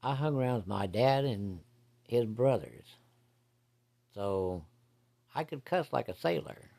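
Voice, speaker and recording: Gravelly man telling a blunt story. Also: mid-range voice, animated, slow, dark tone. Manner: blunt, profane, folksy. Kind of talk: casual first-person storytelling.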